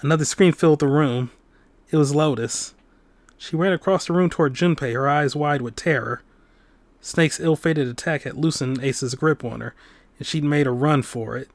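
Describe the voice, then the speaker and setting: A man hosting a let's play, reading a visual novel's narration aloud in a steady, even tone. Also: a little high, normal speed, no echo.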